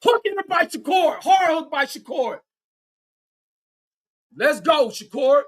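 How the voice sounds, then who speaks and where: A high-voiced man does live fan commentary on a boxing match, excitable and profane as he shouts encouragement to his favorite fighter. He reads viewer chat aloud, keeping a measured pace with long pauses.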